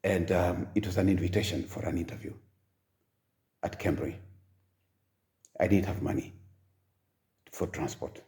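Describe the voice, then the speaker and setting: Gravelly, deep-voiced older Kenyan man. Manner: halting, soft-spoken, full of pauses and fillers. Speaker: storyteller. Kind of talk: personal life story.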